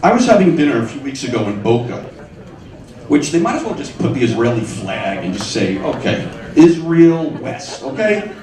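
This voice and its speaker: Wry stand-up comic, lively pitch, echoey. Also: male voice, brisk. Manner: wry, punchy delivery with sudden high squeals. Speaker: stand-up comedian. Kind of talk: stand-up set. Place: comedy club stage. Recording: echoey club sound from far off.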